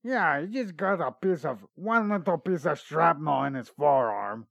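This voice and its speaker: A man's voice: a little high, animated, normal speed, vocal fry, a bit bright, no echo, dull audio. A man hosting a comedy podcast, rambling and joking, sometimes reading from his notes. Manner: rambling, jokey, reads research notes aloud. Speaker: podcast host. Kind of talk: casual comedy podcast chat.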